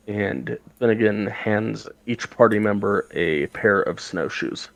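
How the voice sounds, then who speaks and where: A man narrating as game master in a calm, matter-of-fact way. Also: on the low side, slow pace, creaky, hardly any pauses, rough recording.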